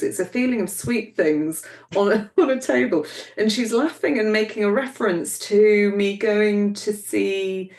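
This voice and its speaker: A woman with a medium-pitched, darkish voice hosts a mediumship demonstration, passing along messages affectionately and searchingly while calling people darling. Her phrasing is repetitive and searching. She is recorded off-mic, so the sound is distant and roomy.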